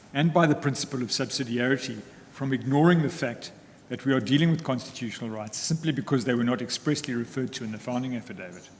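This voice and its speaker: A man's voice: mid-range voice, a little hiss or hum. Formal male advocate in echoey court. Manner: measured, formal, with restarts. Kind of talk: legal argument in court. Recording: long reverb of a hall, faint ambience.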